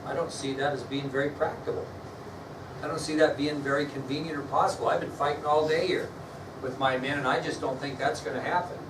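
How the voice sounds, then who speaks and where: A man's voice: a little high, fairly even intonation, a little fast, far from the mic, background noise, voice pushed down, natural voice. A male teacher voicing a weary Civil War general who grumbles as he turns down an order, in an echoey classroom. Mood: reluctant.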